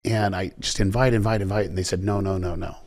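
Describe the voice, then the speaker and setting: Animated man telling a story. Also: low voice, fast talker. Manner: animated storyteller, acts out quoted voices, repeats words. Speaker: executive producer guest. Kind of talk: conversational storytelling interview.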